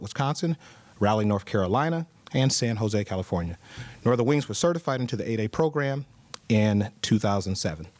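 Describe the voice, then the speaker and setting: A man gives an award presentation at a summit, reading his prepared remarks in an upbeat way with the odd aside. His voice sits at an ordinary pitch. The sound is dry and close. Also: dry recording. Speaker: government official presenting an award. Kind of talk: formal award speech. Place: conference hall.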